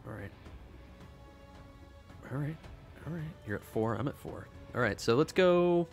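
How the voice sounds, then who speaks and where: A man's voice: mid-range voice, animated, a little slow, gravelly, soft background music. A man co-hosting a casual show, talking through his card-game moves and teasing his opponent. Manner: playful, teasing, narrates his moves aloud. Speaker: podcast co-host playing a card game. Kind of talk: casual game-play banter.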